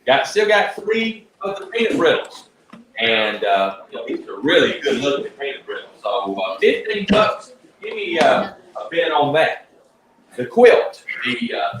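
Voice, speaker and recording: A man hosting a live radio auction, reading out bids in a steady, plain way. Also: on the high side, unhurried, reverberant, slight background noise, low-quality recording. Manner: steady, plain, with frequent uh fillers.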